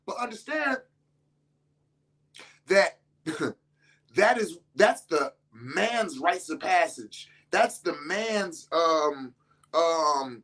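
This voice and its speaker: A middle-aged man hosting a podcast, giving a profane, preachy monologue to male listeners and jumping between calm talk and shouting. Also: on the high side, drawn-out words, long pauses. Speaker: podcast host.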